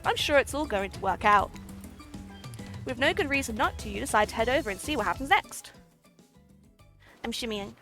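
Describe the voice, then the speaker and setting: A woman's voice: high-pitched, normal speed, pauses often, soft background music. A woman streaming a dating game, reading the lines aloud and reacting with giggles and silly attempts. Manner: giggly, excitable, trying out silly accents.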